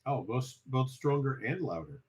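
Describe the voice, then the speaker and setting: A man's voice: mid-range voice, very animated, normal speed, heavy background noise. A man acting as net control on an amateur radio net, chatting casually and laughing easily.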